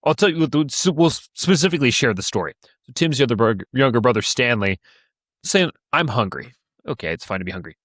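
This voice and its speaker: Young male co-host, mid-range voice, animated swings in pitch, dry close sound; acts out voices as he tells stories. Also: a little fast, no echo. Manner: animated storyteller, acts out voices, laughs often. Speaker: podcast co-host. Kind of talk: casual storytelling chat.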